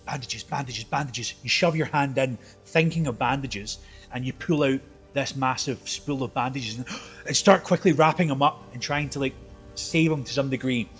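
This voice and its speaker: A man's voice: mid-range voice, moderate pace, soft background music. Man narrating as game master. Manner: lively, laughs often, loose asides.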